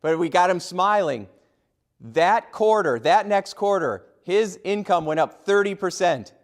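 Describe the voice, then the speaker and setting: Lively man telling customer service stories. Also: high voice, measured pace. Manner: lively, acts out quoted voices. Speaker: motivational speaker. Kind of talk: humorous keynote storytelling.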